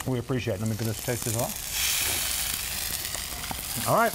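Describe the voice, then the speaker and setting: A man's voice: medium pitch, big pitch swings, moderate pace, background noise. A man hosting a live morning TV cooking segment, chatty and joking, talking while he eats. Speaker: morning TV news host. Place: TV studio kitchen.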